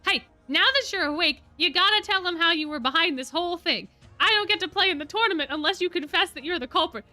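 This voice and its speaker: A woman voicing a loud, bratty little male monster cat who shouts and pushes. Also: extremely high pitch, lively intonation, quick pace, dry recording, soft background music, pitched above the performer's own voice, exaggerated voice. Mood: pushy. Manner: shouting, pushy.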